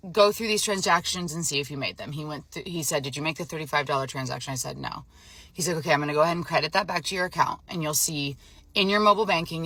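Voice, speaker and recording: Young woman, bright and rather low-pitched voice, dry close sound, frazzled, emotionally drained, casual vlog storytelling. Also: no echo. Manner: frazzled, emotional, retelling a phone scam with quoted dialogue. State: emotionally drained, near tears. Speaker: vlogger.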